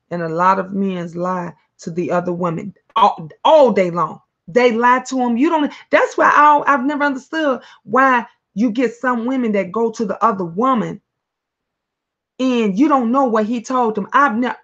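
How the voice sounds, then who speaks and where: A woman's voice: mid-range voice, highs cut off. A woman who is a mother, hosting a live online talk stream, answering viewers with blunt, profane, preachy encouragement. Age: adult, a mother.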